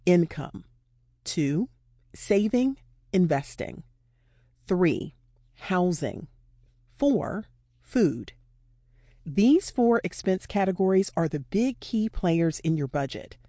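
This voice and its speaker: A woman's voice: fairly low pitch, dark tone, dry recording, studio quality. A woman narrating an audiobook in a candid, conversational way with casual slang. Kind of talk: scripted narration.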